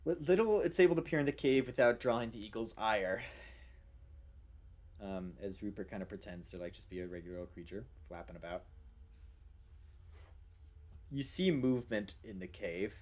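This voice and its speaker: A man's voice: lowish voice, moderate pace, long pauses, darkish tone. A man narrating as game master in a casual, rambling way, with many fillers.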